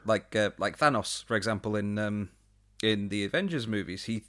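Low-voiced man hosting a podcast interview. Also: normal speed, a bit bright. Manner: reflective, hesitant with fillers. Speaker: podcast host. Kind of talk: casual interview chat.

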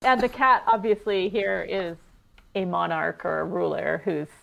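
A woman co-hosting a podcast, telling stories in a chatty, animated way with many fillers. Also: on the low side, a little slow, gravelly. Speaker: podcast co-host. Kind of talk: casual scholarly chat.

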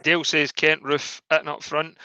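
A man, co-hosting a casual football podcast, animated and opinionated. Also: a little high, normal speed, clean tone, dry recording, lo-fi sound. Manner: animated, opinionated, restarts often. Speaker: podcast co-host.

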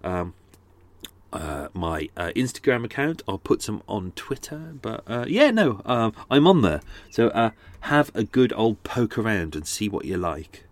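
A man with a lowish voice and big pitch swings talks a little slowly in a dry recording. He hosts a true crime podcast and rambles casually through a chatty outro, full of fillers and restarts.

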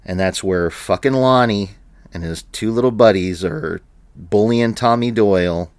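A man with a very deep, low voice co-hosts a podcast in loose, casual chat. He rambles through his points with plenty of fillers and breaks into laughter often, and the sound is dry and close. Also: a little slow, no room sound. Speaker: podcast co-host.

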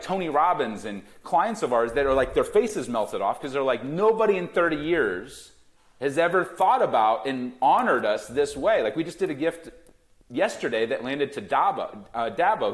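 A man in his thirties talking emphatically as a guest in a podcast interview, founder of a gifting company. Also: mid-range voice. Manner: emphatic, animated salesman.

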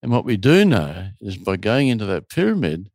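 A man running a retreat, telling stories casually in an interview with a lively, animated delivery. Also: fairly low pitch, moderate pace, dry recording, clean studio sound.

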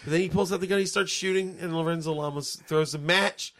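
Excitable man with a raised voice. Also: fairly high pitch, fast talker. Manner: excitable, swears, laughs often. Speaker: podcast co-host. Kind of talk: casual chat reviewing a movie.

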